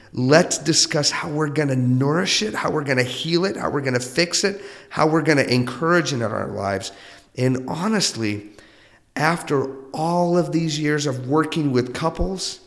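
A man hosting a podcast monologue, earnest and reflective, often dropping into a soft, confiding tone. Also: medium pitch, in a large hall. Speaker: podcast host.

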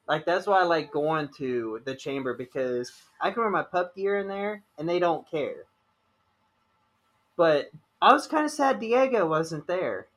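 A man's voice: on the high side, big pitch swings, measured pace, a bit bright. A young man co-hosting a podcast, telling rambling stories with lots of "like" in casual chat. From Ohio, USA. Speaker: podcast co-host.

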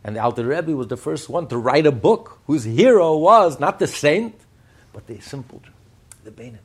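A man's voice: on the high side, lively intonation, moderate pace, breathy edge. A man giving a Chassidic Torah lesson, firing rhetorical questions and telling stories. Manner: fires rhetorical questions, storytelling. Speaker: Torah teacher.

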